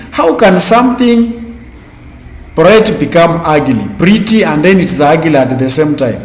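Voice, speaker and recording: Male teacher, slow deliberate lecture, repeats terms, slightly high voice, long reverb. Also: expressive. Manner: slow, deliberate, spells out words letter by letter; repeats key terms for emphasis. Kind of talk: classroom lecture. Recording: echoey room with long reverb.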